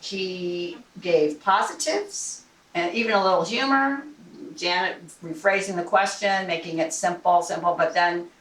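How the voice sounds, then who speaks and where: A woman with a fairly low, slightly bright voice speaks at a measured pace as general evaluator and timer at a speaking club. Her club evaluation report is loose, chatty and conversational, full of restarts and fillers. She's recorded from across a roomy meeting hall on a distant mic with faint noise.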